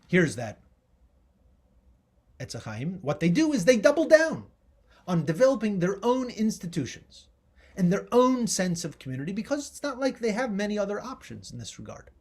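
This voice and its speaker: A man's voice: sits high, very animated, moderate pace. A middle-aged man giving a public history lecture with slides, emphatic and rising on key words.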